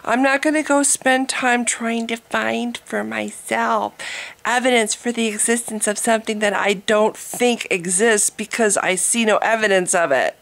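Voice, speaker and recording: A woman's voice: on the high side, steady tone, a little slow, gravelly, fairly bright tone. A woman vlogger answering a commenter in a blunt, exasperated monologue, laughing mockingly and mimicking the people she argues with. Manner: blunt, says she is annoyed rather than angry. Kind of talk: casual ranting monologue to camera.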